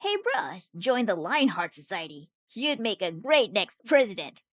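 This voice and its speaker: A woman's voice: medium pitch, very animated, a little slow. A woman voicing a cocky young male college student who talks in a breezy, offhand, slangy way.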